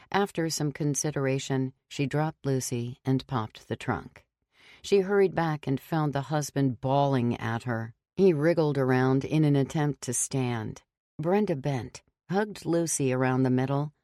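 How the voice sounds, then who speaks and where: A woman narrating a horror audiobook in a steady, measured reading. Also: a bass voice, no room sound, clean studio sound.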